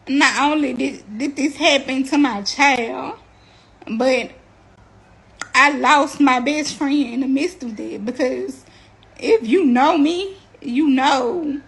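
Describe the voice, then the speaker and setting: A young woman speaks directly to her viewers in a plain, colloquial way. Her voice sits a little high, and her delivery is blunt and earnest as she tells her story to the camera. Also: fairly bright tone, poor audio. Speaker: mother telling her family's story to viewers. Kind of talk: casual direct-to-camera testimony.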